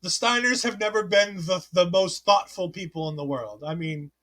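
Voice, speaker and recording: Male podcast host, high voice, loose chatty recap delivery with frequent self-corrections. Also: moderate pace, crowd noise. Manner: chatty, self-correcting, reads listener comments aloud. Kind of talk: casual wrestling recap chat.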